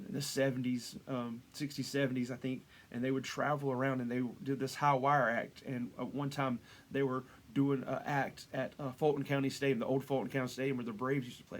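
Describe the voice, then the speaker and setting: A man preaching a casual devotional sermon in a conversational way, with frequent restarts and asides, voice lifting for rhetorical questions. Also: mid-range voice. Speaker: pastor.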